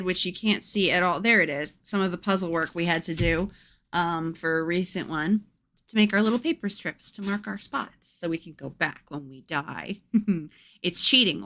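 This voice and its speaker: A woman's voice: on the low side, fairly bright tone, slight background noise. A young woman hosting a livestream, chatting playfully and reading a spooky children's book aloud. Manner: chatty, playful, breaks off to coo at her cats. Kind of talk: casual chat and storybook read-aloud.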